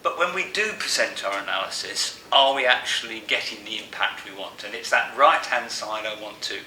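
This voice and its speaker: A man's voice: lowish voice, animated, normal speed, bright, forceful tone. A man giving a live masterclass talk to a room of analysts, joking and asking the audience questions. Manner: jokey and conversational, asks the audience questions. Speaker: masterclass presenter. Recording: echoey room from far off, faint hiss.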